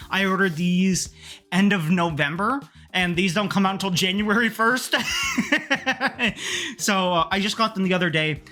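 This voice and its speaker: A man talking casually in a haul vlog, excitable and quick to get heated, swearing freely as he rants. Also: fairly high pitch. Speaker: manga collector vlogger.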